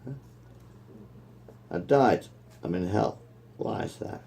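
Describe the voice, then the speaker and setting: A scornful devil, low and gravelly, mocks a dead man in a half-whispered sneer, as a man telling a joke puts him on. The voice is dark and warm in tone, with a faint hum of noise behind it. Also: lively intonation, slow pace, exaggerated voice. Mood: mocking.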